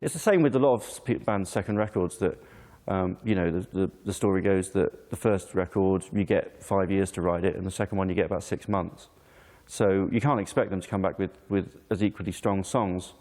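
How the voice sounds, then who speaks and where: Very low-voiced man in a reverberant room. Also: brisk, darkish tone. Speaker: interviewee.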